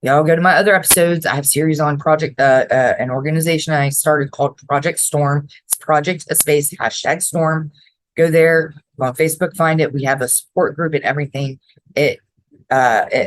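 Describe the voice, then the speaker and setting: Blunt, low-voiced woman podcast host. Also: dry recording, rough recording. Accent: mix of New York and Southern. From Florida. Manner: blunt and direct, swears freely. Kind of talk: casual advice podcast.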